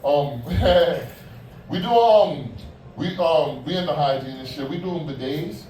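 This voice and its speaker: Profane high-voiced comedian in echoey club. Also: male voice, expressive, takes it slowly, warm tone, far from the mic, slight background noise. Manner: loose, profane, conversational storytelling with lots of fillers. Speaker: stand-up comedian. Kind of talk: stand-up comedy set.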